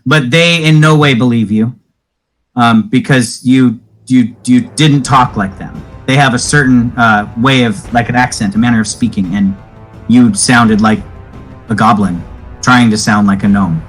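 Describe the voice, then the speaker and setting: A man's voice: medium pitch, soft background music, poor audio. Chatty man running a tabletop game. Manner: chatty, explains rules at length, quick questions when puzzled. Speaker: game master.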